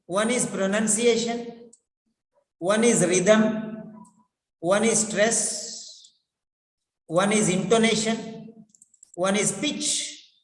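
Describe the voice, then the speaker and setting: Male pronunciation teacher, slow and high-pitched, drilling words by repetition, long echoing reverb. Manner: deliberate, repeats words over and over to drill them. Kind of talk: classroom lecture with repetition drills. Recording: echoey room with long reverb.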